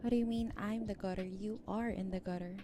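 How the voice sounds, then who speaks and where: A woman streamer talking softly with her viewers in a giggly ASMR chat. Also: medium pitch, fairly even intonation, fairly quick, noisy background. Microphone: close ASMR microphone. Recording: clear background music underneath. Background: background music.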